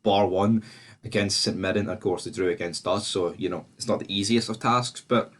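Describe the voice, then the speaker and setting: A man's voice: sits low, normal speed. A man with a Scottish accent giving a casual, sweary football match preview on his vlog. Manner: sweary and animated, fan talk. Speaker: football fan vlogger.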